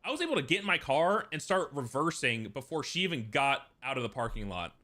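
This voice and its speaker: Man, young adult, bright tense voice, casual profane storytelling, lots of fillers. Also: mid-range voice, very animated, a little fast. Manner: profane, rambling, full of fillers. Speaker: streamer.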